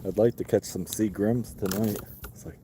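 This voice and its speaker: A man chatting casually with his viewers while fishing from a small boat on a lake, joking between quiet pauses. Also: on the low side, fairly even intonation, background noise. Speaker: fishing streamer. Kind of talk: casual live-stream chat.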